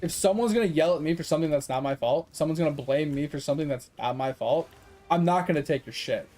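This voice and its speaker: A man's voice: fairly high pitch, quick pace, dark tone, soft background music. Exasperated man ranting while gaming. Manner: exasperated, sarcastic, swears, acts out quoted people. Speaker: gaming streamer. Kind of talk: casual rant while gaming.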